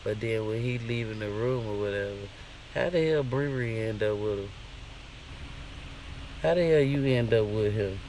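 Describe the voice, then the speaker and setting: A man's voice: fairly low pitch, moderate pace, long pauses, darkish tone, slight background noise. A man vlogging a casual, profane rant in an indignant, questioning way.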